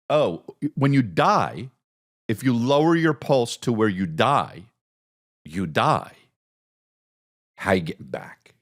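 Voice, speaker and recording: A man hosting a podcast, rambling through a profane, comedic solo monologue that jumps between topics. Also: sits low. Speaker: podcast host.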